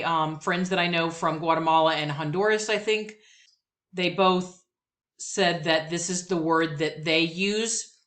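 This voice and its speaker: A woman leads a vocabulary lesson, reading words from a list and repeating each one twice. Her delivery is slow and deliberate, and her voice sits low. Between words she gives plain, practical explanations. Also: a bit bright. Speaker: Spanish teacher.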